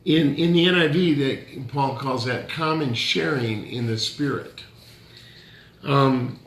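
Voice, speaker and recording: Gravelly-voiced pastor preaching casually. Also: male voice, a little high, fairly bright tone, roomy sound, a little hiss or hum. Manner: joking, direct challenges to listeners. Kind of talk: conversational sermon.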